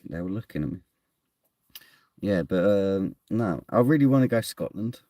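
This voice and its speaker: A man's voice: low voice, expressive, moderate pace, warm tone, no echo, clean studio sound. A man chatting casually on his live stream at home, rambling, laughing often and swearing now and then. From England. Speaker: streamer reading chat. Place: at home indoors.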